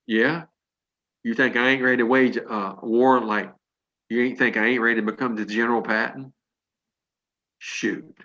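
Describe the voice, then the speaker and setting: A man's voice: mid-range voice, fairly bright tone, highs cut off. A man in his sixties giving an emphatic, preachy motivational pep talk to a sales team over a video call, with folksy storytelling.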